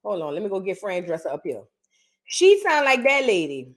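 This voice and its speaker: A woman's voice: mid-range voice, very animated, normal speed. A woman with a Southern US accent, hosting a casual reaction show and chatting straight to her viewers. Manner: chatty, addresses viewers as y'all. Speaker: host.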